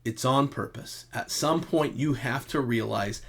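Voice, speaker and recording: A middle-aged man giving blunt relationship advice as the host of his own videos, speaking straight to the listener and moving from loud outbursts to quiet resignation. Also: medium pitch, measured pace, gravelly, husky. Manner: lecturing, direct address to the listener; swings between shouting reenactments and quiet resignation. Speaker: self-help video host.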